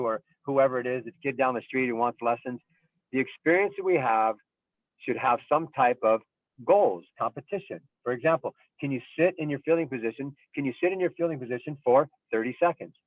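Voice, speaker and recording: A man of middling pitch talks through coaching ideas in an easygoing, reflective way, often pausing on an um. His voice comes over a thin, phone-like video call line with no room sound at all. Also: no room sound. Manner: thoughtful, explains with everyday examples and frequent ums. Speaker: baseball coach and scout. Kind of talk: casual panel discussion. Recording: tinny phone-like line, dry.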